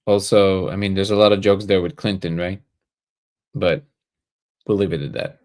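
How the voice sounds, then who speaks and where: A man hosting a casual livestream, answering viewer comments in a relaxed, joking way and thinking aloud as he goes. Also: on the low side. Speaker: livestream host.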